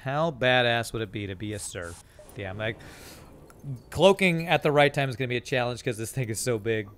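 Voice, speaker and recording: A man's voice: medium pitch, lively intonation, brisk, fairly bright tone, slight background noise. A man streaming a strategy game live, talking casually through his moves and reading out and answering viewer chat. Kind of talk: live gameplay commentary.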